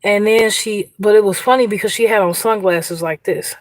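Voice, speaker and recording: There's no echo as this livestream host, a woman with a mid-range voice and an Indiana accent from the US Midwest, speaks at normal speed. Outdoors, she casually tells a story, chatty and laughing, greeting viewers by name.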